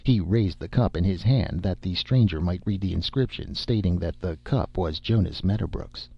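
A man narrating an audiobook in a steady, measured storytelling manner. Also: low-pitched, gravelly, husky, muffled recording.

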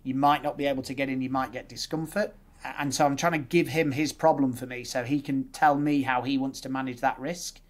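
Speaking briskly and steadily in a mid-range voice, the guest dentist from West Yorkshire lays out his practical techniques step by step. He draws on patient scripts during the relaxed interview conversation.

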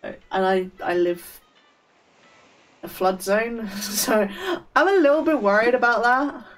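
A woman's voice: on the high side, slow pace, distant mic, soft background music. A woman chatting casually on a game live stream, rambling with stammered restarts and frequent laughs.

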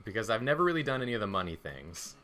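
A man's voice: fairly low pitch, sing-song, racing, pushed and bright, soft background music. A man co-hosting a game stream in casual, joking banter. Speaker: host.

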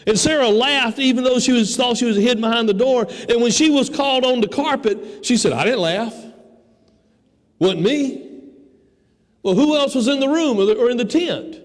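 High-voiced man preaching in a church. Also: a little fast, hardly any pauses. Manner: emphatic preaching, acts out quoted voices. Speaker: pastor. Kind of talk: sermon. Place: church sanctuary. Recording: church hall reverb.

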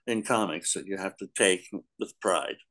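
A man's voice: deep voice, normal speed, fairly bright tone. An older man, a guest in a casual talk, telling long rambling stories with frequent laughs. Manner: rambling storyteller, laughs often, acts out quotes. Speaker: podcast guest, comics editor. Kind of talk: casual chat, anecdotes.

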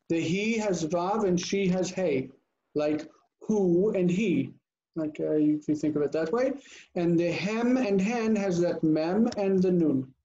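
A man teaching an online grammar lesson, drilling terms slowly and deliberately and often checking in with the class. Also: high voice, warm tone. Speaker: Biblical Hebrew teacher. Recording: dull lo-fi call audio, faint noise.

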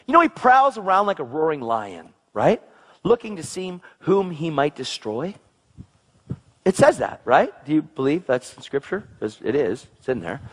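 A man preaching a sermon in an excitable, exclamatory way, swinging between low, intense passages and loud, high outbursts. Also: normal speed, breathy edge.

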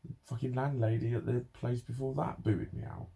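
A man's voice: mid-range voice, steady tone, a little fast, gravelly, warm tone, husky. A young man ranting in a personal vlog, swearing constantly and sounding frustrated and bitter. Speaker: vlogger. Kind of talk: angry personal vlog rant.

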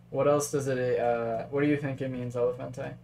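A man talking through a chess game on a live stream in a loose, chatty way, musing over candidate moves and tossing replies to chat. His voice sits at an ordinary middle pitch, with a faint hum running underneath. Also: a little mellow. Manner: chatty, thinks aloud, reads chat. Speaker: chess commentator. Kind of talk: casual live-stream commentary.

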